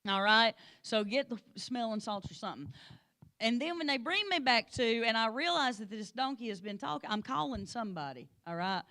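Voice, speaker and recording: A woman teaching a Bible lesson, telling the story with lively energy and calling on class members by name. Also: on the high side, moderate pace. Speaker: Sunday school teacher.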